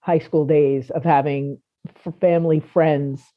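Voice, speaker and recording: A woman's voice: deep voice, steady tone, a little slow. A woman hosting a podcast and coaching careers, talking casually and reflectively. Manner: brief affirming interjections. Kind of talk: casual interview chat. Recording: dull lo-fi sound.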